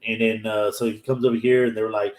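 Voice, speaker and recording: A man's voice: on the low side, level tone, quick pace, darkish tone. A man, casually recapping an anime episode in a rambling way and acting out the characters' lines. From Texas, USA. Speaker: anime podcast host. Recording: echoey room.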